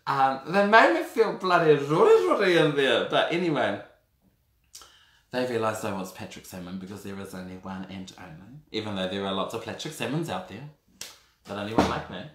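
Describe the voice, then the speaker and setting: A man's voice: medium pitch, fairly quick. A man, telling a personal story to camera in a camp, theatrical way. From New Zealand. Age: 30s. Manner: animated, camp and theatrical, calls the audience girl and darlings. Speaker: vlogger. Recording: echoey room.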